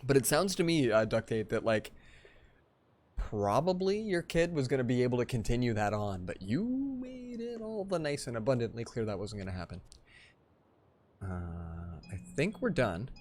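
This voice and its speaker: A man's voice: lowish voice, a little mellow, a little hiss or hum. A man streaming a strategy game live, chatting casually with viewers and telling rambling stories.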